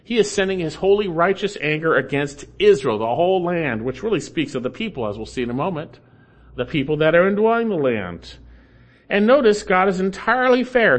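A man preaching an expository sermon, explaining the Hebrew text and repeating key phrases with rising emphasis. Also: fairly high pitch. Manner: explains Hebrew grammar in a teaching tone. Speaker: pastor.

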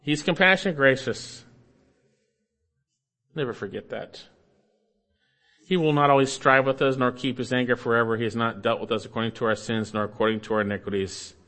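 A man preaching a sermon, explaining scripture verse by verse and swinging between emphatic rises and quiet low endings. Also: brisk, pauses often. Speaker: pastor.

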